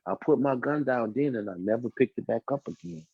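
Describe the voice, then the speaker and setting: A man's voice: medium pitch, a little fast, creaky, a little mellow, breathy edge, dry recording. A man telling his life story on a podcast, acting out the voices of the people in it. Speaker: podcast guest. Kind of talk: casual storytelling testimony. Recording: dull lo-fi dry sound.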